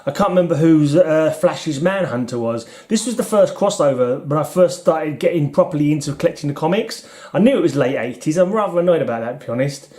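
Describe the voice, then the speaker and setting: Rambling middle-aged British man, mellow. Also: a little high, animated, fairly quick, few pauses. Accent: British English. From United Kingdom. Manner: rambling, self-deprecating, chuckles often. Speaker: comic collector vlogger. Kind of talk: casual chat while flipping through comics.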